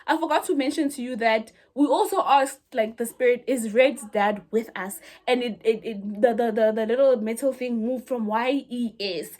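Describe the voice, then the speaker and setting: A woman's voice: fairly high pitch, normal speed, hardly any pauses, darkish tone. A young woman telling a dramatic story in a chatty vlog, speaking straight to her viewers. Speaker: vlogger. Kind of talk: casual storytime.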